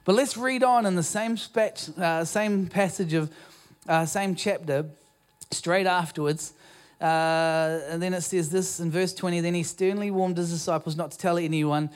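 A man's voice: high voice, fairly even intonation, unhurried, smooth. A man with a New Zealand accent preaching a sermon as pastor in a church, in a conversational, self-deprecating way with frequent restarts. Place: church auditorium.

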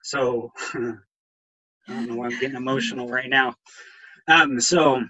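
A middle-aged man, a counselor and veteran, telling his recovery story with halting ums and a voice that catches with emotion. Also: medium pitch, fairly even intonation, highs cut off, a crowd in the background.

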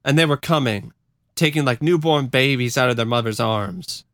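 An earnest man co-hosts a podcast in casual chat, with some swearing. His voice is mid-pitched and plain. The recording is dry and close. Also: normal speed, a bit bright, dry recording. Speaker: podcast co-host.

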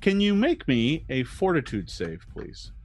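A man running a tabletop game as game master, narrating monsters' attacks and calling for rolls with a lively, laughing manner. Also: fairly high pitch, a little slow, faint music behind.

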